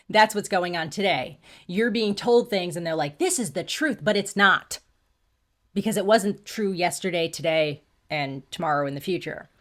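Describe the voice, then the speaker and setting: A woman's voice: lowish voice, unhurried. A woman hosting a faith-based self-help talk who speaks earnestly and with emphasis, quoting scripture, with music faintly behind her. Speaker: host.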